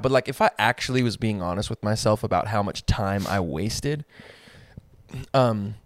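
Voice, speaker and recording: A man's voice: lowish voice, expressive, normal speed, no echo. A young man co-hosting a podcast, chatting casually and thinking aloud with lots of fillers. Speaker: podcast co-host. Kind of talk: casual chat.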